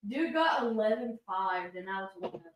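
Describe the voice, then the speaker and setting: A woman's voice: fairly high pitch, expressive, normal speed, reverberant, low-quality recording. A woman chatting offhandedly while playing a video game in the same room. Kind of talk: casual chatter while gaming.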